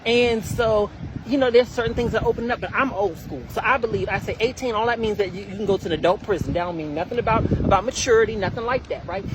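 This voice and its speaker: Fast-talking animated storyteller man. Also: noisy background. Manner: flamboyant, exclaiming, with sudden high-pitched quoting. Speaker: host.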